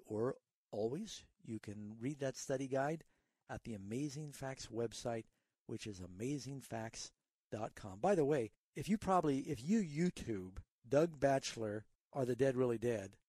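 A man hosts a Bible call-in program on the radio, answering listeners' questions like a patient teacher. His voice is mellow and warm. It is recorded dry and close in a studio. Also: medium pitch, breathy edge, no room sound. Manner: earnest, teaching tone with a storytelling aside.

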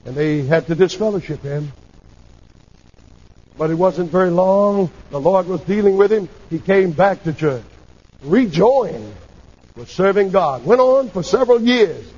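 An impassioned man preaching a sermon. He has a high, swooping voice and calls out for amens between sudden shouts. The tone is husky and the recording sounds dull and lo-fi. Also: expressive, unhurried.

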